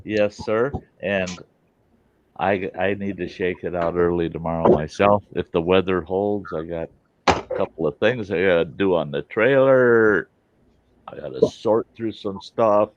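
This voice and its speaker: A man's voice: low voice, a little slow, noisy background. A man hosting a show, telling a joke casually in a folksy, rambling way, in a dull lo-fi recording. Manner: folksy, rambling, laughs at his own jokes. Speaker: host.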